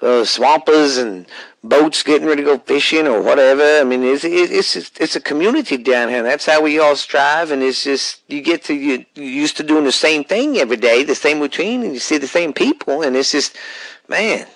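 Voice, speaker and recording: A man's voice: fairly high pitch, normal speed, gravelly, fairly bright tone, no echo, low-quality recording. A man with a Louisiana accent co-hosting a casual podcast, rambling and drawling with lots of fillers and cursing. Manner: rambling, drawling, swears freely, many fillers. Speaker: podcast co-host.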